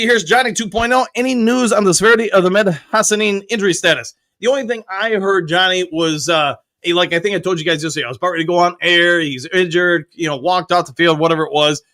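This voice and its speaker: Upbeat high bright-voiced male host. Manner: upbeat, chatty, throws in loud whoops. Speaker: show host. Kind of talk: casual livestream chat, reading viewer comments.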